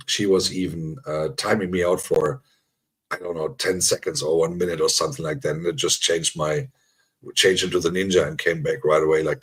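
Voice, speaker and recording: A man with a low, husky voice chats casually with his live audience. He teases them, laughs a lot and circles back over the same lines as he goes. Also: a little mellow. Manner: teasing, laughs often, repeats himself. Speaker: livestream host. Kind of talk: casual chat with live viewers.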